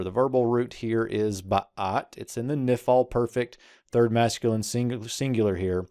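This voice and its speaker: Male Hebrew teacher reading slowly. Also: mid-range voice, warm tone, no room sound, clean studio sound. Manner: slow, careful reading of verses, explanatory tone. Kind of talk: verse-by-verse language lesson.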